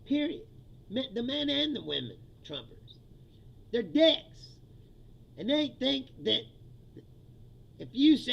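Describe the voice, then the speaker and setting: A man in his fifties hosts a profane comedy rant and laughs often. His voice is high, gravelly and raspy, with a bright edge. The recording sounds dull and lo-fi. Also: very animated, measured pace, pauses often. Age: 50s. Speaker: comedian host.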